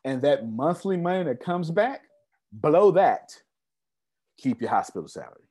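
A man's voice: fairly high pitch, big pitch swings, unhurried, darkish tone, slightly rough. A man giving a business seminar to a live audience, emphatic and repetitive, often asking the crowd rhetorical questions. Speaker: business coach.

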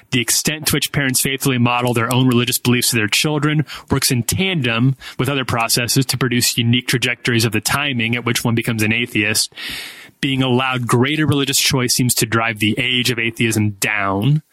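A young man co-hosting a casual podcast, talking in a relaxed, reflective way with fillers. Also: mid-range voice, no echo, rough recording. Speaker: podcast co-host. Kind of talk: casual studio podcast chat.

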